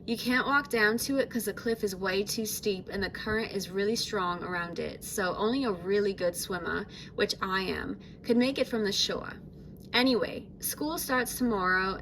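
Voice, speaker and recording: A woman's voice: mid-range voice, moderate pace, a bit bright, a little hiss or hum, close to an everyday voice, low-quality recording. Lagoona, a woman putting on a chill surfer sea-monster girl. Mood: breezy. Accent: put-on mix of British, Australian and American. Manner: breezy, chill beach talk. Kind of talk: reading a character diary aloud.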